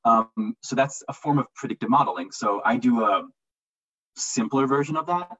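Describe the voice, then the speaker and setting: A man's voice: medium pitch, normal speed, a bit bright, lo-fi sound. A man answering interview questions in casual, enthusiastic talk, often repeating words as he gets going. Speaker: interview guest, marketing analyst.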